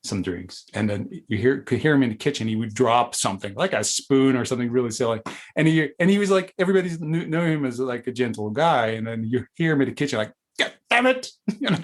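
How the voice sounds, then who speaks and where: A man hosting a casual podcast interview, talking in a rambling way with many restarts and jumping up in pitch when he tells a story. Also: quick pace. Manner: rambling, full of restarts, animated when imitating his father. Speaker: podcast host.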